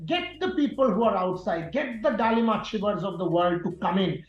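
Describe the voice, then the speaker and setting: A man's voice: sits high, lively intonation, brisk. Emphatic man in a roomy recording. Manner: forceful, repeats key words for emphasis. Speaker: sports journalist guest. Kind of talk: emphatic opinionated interview answers. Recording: roomy, dull sound with faint music.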